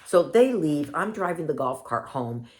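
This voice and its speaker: Lady vlogger, deep-ish voice, earnest heartfelt storytelling to her followers. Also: sing-song, normal speed. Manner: earnest and emotional, warmly addresses viewers as family. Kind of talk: heartfelt personal storytelling to viewers.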